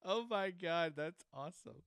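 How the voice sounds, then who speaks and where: Man, high lively voice, bright and crisp, rambling game commentary with sudden screams, close dry home mic. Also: unhurried, no echo. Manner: rambling, laughing, screaming bursts. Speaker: game streamer. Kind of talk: let's-play commentary. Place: home room. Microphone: desk microphone.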